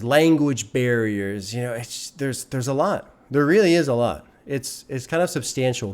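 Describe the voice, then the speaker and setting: Earnest rambling man talking to viewers. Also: medium pitch. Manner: earnest, rambling, repeats phrases for emphasis. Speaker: music reaction YouTuber. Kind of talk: casual talk to camera.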